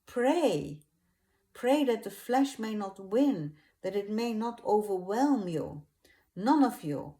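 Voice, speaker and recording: A woman's voice: fairly low pitch, fairly even intonation, a little slow, dark tone, echoey room. A woman voicing an anguished grown man who pleads and prays in agony, raising her voice above her own. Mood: pleading. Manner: pleading, sobbing-edged outbursts.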